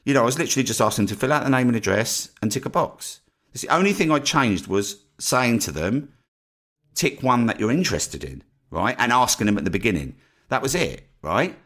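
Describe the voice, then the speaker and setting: A man's voice: medium pitch, brisk. A man hosting a podcast, telling a story in a chatty way and often checking in with the listener. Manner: animated, chatty, keeps asking "right?". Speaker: podcast host.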